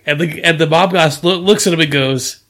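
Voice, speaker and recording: A man on a casual film podcast who adds dry, wry comments. He speaks in an easy, relaxed way between his co-hosts. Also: fairly high pitch, moderate pace, a crowd in the background. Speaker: podcast co-host. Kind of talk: casual movie review chat.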